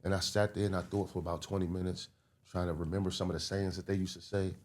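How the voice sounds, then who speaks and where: This comedian, a podcast guest from around Baltimore and DC, has a low voice as he recounts his story in easygoing conversation. Lively throughout, he keeps slipping into rapid city impressions.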